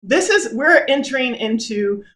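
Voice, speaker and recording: A woman's voice: sits high, lively intonation, unhurried, fairly bright tone. A woman co-hosting an online celebration over a video call, exuberant and laughing. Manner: exuberant, laughing, hype chant calls. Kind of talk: lively casual livestream hosting.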